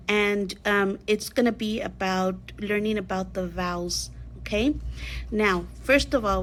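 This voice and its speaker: A woman teaching a phonics lesson to young children, saying each sound and word slowly and clearly, repeating each one three times. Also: medium pitch, slight background noise. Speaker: second grade teacher.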